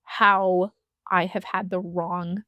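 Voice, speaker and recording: A woman's voice: lowish voice, little pitch movement, takes it slowly, sharp tone, no room sound, dull audio. A woman co-hosting a casual podcast, telling long stories and acting out the people in them. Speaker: podcast co-host.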